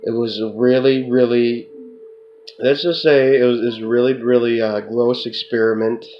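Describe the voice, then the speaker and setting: Against faint background music, a man with a mid-range voice talks at a moderate pace in a steady tone. The self-described remote viewer delivers a repetitive, profane monologue to someone off-mic, adding "duh" to his sentences, and the audio is muffled and lo-fi with loud hiss.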